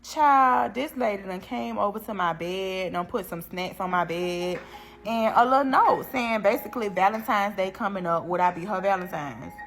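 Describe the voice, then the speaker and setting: A young woman telling a prison story in a storytime vlog, animated and slangy, laughing as she goes. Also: medium pitch, moderate pace.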